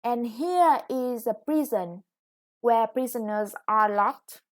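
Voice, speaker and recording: A woman with a Vietnamese accent teaching an English lesson, explaining patiently and drawing out new words as she goes. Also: a little high. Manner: patient, explains slowly, stretches new words, self-corrects. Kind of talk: recorded classroom lesson for students.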